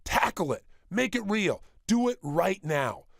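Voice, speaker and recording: Gravelly high-voiced emphatic man. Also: sing-song, fairly bright tone, dry recording, clean studio sound. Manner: emphatic, repeats phrases for effect; rapid-fire rhetorical questions. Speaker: motivational speaker. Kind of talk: motivational workshop talk. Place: studio with a small audience.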